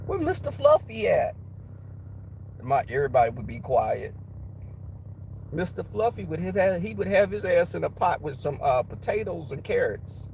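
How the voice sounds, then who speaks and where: High-pitched male streamer with a cold, animated and foul-mouthed storyteller. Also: normal speed, creaky, slight background noise, poor audio. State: has a cold. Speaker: livestream host. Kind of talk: casual storytelling.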